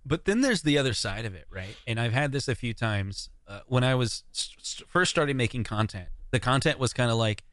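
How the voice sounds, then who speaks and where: A man, a guest on a podcast, chatting casually and telling animated stories that act out what others said. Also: medium pitch, fairly quick, hardly any pauses, dry recording. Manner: animated storyteller, acts out quoted comments. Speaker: guest, YouTuber. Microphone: remote recording mic.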